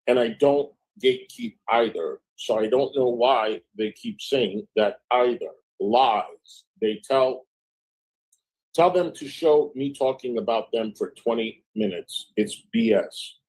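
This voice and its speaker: A man's voice: medium pitch, takes it slowly, darkish tone, husky, low-quality recording. A man hosting a livestream, casually reading out a string of text messages and cutting in with snarky, sarcastic asides. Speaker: livestream host.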